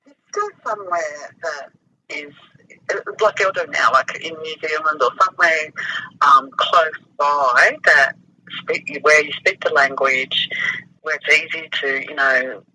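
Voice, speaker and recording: An Australian man, a podcast guest, talking in an unhurried, relaxed way with thoughtful pauses. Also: fairly high pitch, poor audio. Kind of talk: casual chat.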